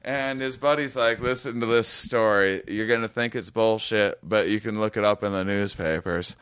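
Man, casual storyteller, smooth clear voice, dry close sound, stammers and restarts. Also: lowish voice, moderate pace, fairly bright tone, no room sound. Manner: rambling, stammering restarts, acts out quoted voices. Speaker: comedian guest. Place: small home room.

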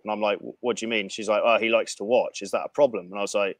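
Profane, low-voiced man telling stories. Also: fast, hardly any pauses, no echo. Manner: profane, animated anecdote-telling. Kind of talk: casual storytelling.

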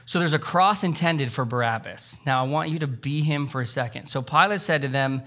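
A man preaches to his congregation in a church sanctuary. His delivery is conversational and earnest, and it rises in places to loud, emotional peaks. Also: on the high side, a little fast, few pauses. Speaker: pastor. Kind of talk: sermon.

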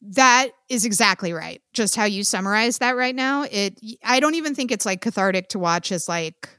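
A woman's voice: medium pitch, lively intonation, normal speed, bright, forceful tone, clean tone, no room sound, studio quality. A young adult woman co-hosting a podcast, reviewing films in blunt, emphatic casual chat with swearing and repetition. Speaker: podcast co-host.

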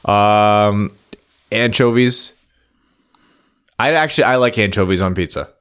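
Podcast co-host, male, very low voice, relaxed reader of listener mail. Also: measured pace, smooth. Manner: laid-back, reads listener messages aloud. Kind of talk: casual chat, reading listener questions.

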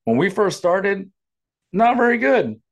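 A man's voice: high-pitched, very animated, unhurried. A man co-hosting a casual podcast, rambling and sarcastic, swearing often, on a podcast microphone. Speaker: podcast co-host. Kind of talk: casual profane podcast chat.

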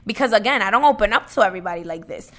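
A woman's voice: mid-range voice, expressive, racing, a bit bright. A woman co-hosting a podcast, chatting candidly and often restarting her words. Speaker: podcast co-host. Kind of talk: casual chat.

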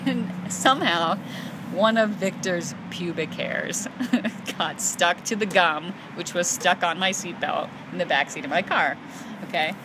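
A woman's voice: on the low side, takes it slowly, noisy background. A woman from the United States co-hosting a podcast, telling stories in a candid, joking casual chat and laughing often. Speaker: podcast co-host.

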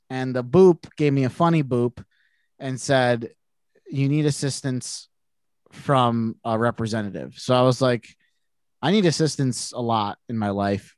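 A man's voice: medium pitch, a little slow, darkish tone, clean tone, no echo. A man co-hosting a podcast, telling a self-mocking funny story in casual chat and laughing through it. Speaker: podcast co-host.

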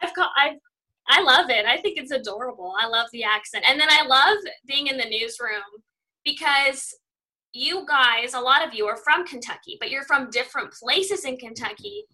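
Young woman from California, reporter guest; bright, fairly high voice, chatty and upbeat with lots of fillers. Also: animated, moderate pace, poor audio. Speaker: news reporter, interview guest. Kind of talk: casual interview chat.

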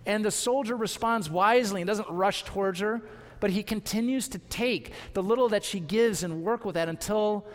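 A man preaching a sermon as pastor, earnest and emphatic, with deliberate pauses. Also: high voice, in a large hall.

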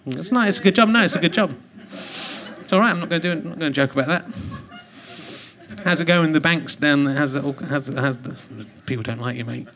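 A man's voice: high voice, sharp tone. An English man hosting a live comedy podcast on a theatre stage, teasing and joking with audience members. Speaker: podcast host.

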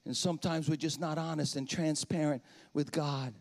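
A man preaching a sermon in a church, often shouting and half-singing his lines. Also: on the high side, fairly even intonation, normal speed, creaky. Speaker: pastor. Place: church sanctuary.

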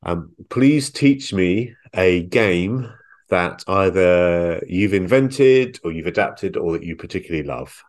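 A man hosting an interview podcast, asking questions in a relaxed way with hesitant fillers. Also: sits low, slow pace. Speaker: podcast host. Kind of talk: casual interview chat.

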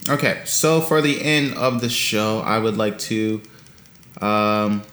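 A man's voice: fairly low pitch, slow, a bit bright, roomy sound. A man co-hosting a casual podcast, blunt and dismissive, swearing freely as he trashes things and runs a quiz. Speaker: podcast co-host. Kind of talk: casual chat.

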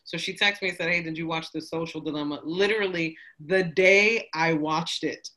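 A woman's voice: low-pitched, moderate pace, pushed and bright. Woman hosting a chatty podcast, bubbly, laughing a lot, a bit wired on coffee. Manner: bubbly, laughs often, jokey. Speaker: podcast host. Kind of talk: casual chat.

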